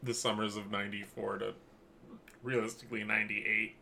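Lowish bright-voiced guy in his 30s, bouncy teasing podcast banter, a little hiss behind. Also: flat delivery, vocal fry. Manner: bouncy, teasing, quick to laugh. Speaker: podcast co-host. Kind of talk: casual chat.

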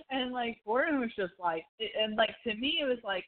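A woman co-hosting a casual chat about a TV show, excitable and swearing as she retells scenes. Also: a little high, brisk, slight background noise. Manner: excitable, swearing, laughing asides. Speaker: podcast co-host. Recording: tinny phone-like line.

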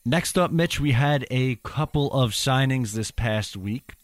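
A man's voice: medium pitch, unhurried, no room sound. A man hosting a podcast in a casual, easygoing way, agreeing with his co-host and steering the show on to the next topic. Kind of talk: casual sports talk.

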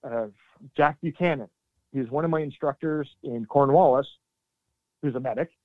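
A middle-aged man, a military veteran, telling his story in an earnest, halting way with sudden emphatic bursts. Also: mid-range voice, no echo. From Canada. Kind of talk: candid interview storytelling. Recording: dry, tinny phone-like line.

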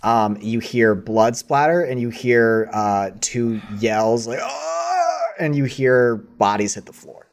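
A man's voice: medium pitch, slow pace, hardly any pauses, slight background noise. A man narrating as game master in casual, hesitant speech full of fillers.

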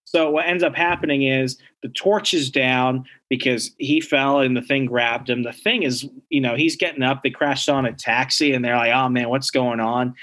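Animated man recapping a comic. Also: mid-range voice, moderate pace, hardly any pauses. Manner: animated storytelling, acts out characters' lines. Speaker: comic book podcast co-host. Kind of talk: casual chat, recapping a comic.

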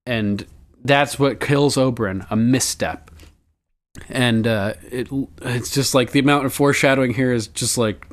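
Casual male podcast host, mid-pitched, chatty and profane, quick to laugh. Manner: loose and chatty, swears, laughs often, quotes lines in passing. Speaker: podcast host recapping a TV episode. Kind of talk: casual chat.

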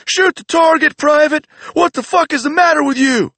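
A man's voice: very high-pitched, moderate pace, sharp tone, no echo, voice pushed up, heavily acted. A man voicing a furious macho male drill sergeant who barks every line in a wrestler-style delivery. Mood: yelling. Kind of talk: audiobook character voice.

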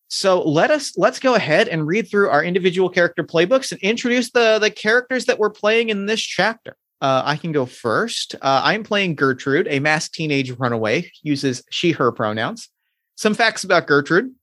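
A man hosting a tabletop game podcast, reading narration and chatting in a gushing, excitable way that trips over words. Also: on the high side, no room sound, clean studio sound. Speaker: game master and podcast host. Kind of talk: scripted narration and casual chat.

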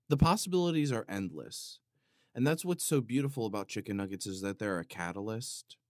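A man's voice: fairly low pitch, no echo, studio quality. Playfully dramatic man reading comments. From Italian heritage. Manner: dramatic, playfully indignant, jumps between loud outbursts and muttering. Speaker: vlogger reading viewer comments. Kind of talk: casual comedic monologue.

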